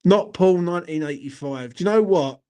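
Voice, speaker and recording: A man's voice: high-pitched, normal speed, darkish tone, smooth. A man hosting a live stream, chatting bluntly with lots of swearing and frequent laughs. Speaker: YouTube channel host. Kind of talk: casual live-stream chat.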